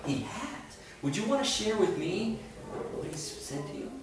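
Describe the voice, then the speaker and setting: A woman's voice: mid-range voice, lively intonation, normal speed, background noise. A woman playfully interviewing young children with teasing questions and exclamations. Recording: echoey room from far off, music behind. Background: music.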